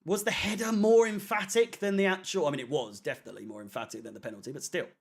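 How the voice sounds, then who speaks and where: A man with a slightly high, steady voice and some vocal fry talks fast while hosting a fan watchalong stream. He reads the live chat's comments in a casual, rambling way, full of fillers and a swear word here and there.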